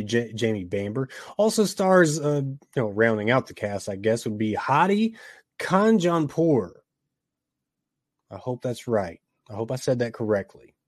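A man's voice: medium pitch, darkish tone, no echo, studio quality. Wisecracking Southern man reviewing a film. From Tennessee. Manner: wisecracking, joking asides, drawn-out emphasis. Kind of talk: casual movie review commentary.

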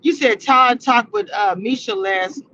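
A woman hosting a casual livestream about a reality show, talking in animated slang and laughing often. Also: on the high side, a little slow. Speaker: entertainment reality-show review host. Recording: slightly muffled livestream audio.

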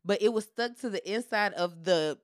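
A woman's voice: medium pitch, normal speed, no room sound, studio quality. A young adult woman, a podcast guest, telling a personal story in blunt, profane, casual chat.

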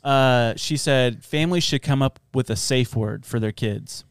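A man's voice: medium pitch, a little slow, smooth, no room sound, clean studio sound. A man from Florida hosting a casual podcast, rambling with lots of fillers while telling stories. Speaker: podcast host. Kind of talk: casual chat.

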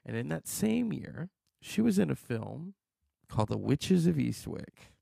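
A man's voice: fairly high pitch, big pitch swings, unhurried, creaky, dark tone, husky, no echo. A male podcast host chatting casually and teasing listeners to guess who he means.

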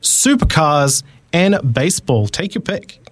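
A man's voice: fairly high pitch, sing-song, a little slow, dry recording. A man hosting a radio sports quiz in a teasing, upbeat way, laughing often. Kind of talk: casual radio chat.

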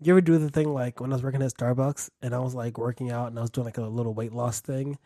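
A man in a casual podcast chat, talking in an animated, profane way and laughing easily. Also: mid-range voice, fast, no room sound, studio quality.

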